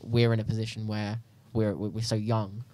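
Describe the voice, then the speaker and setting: A young man, a podcast guest, talking in a rambling, animated way in casual chat. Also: lowish voice. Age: young adult. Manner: fast, rambling, animated storytelling.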